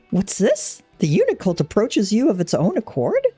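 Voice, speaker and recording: A flustered young horse handler, put on by a woman reading game text, pitching up high and exasperated in formal, archaic speech. The voice swings widely and stays soft-toned. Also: sing-song, moderate pace, faint music behind. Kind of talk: read-aloud game dialogue.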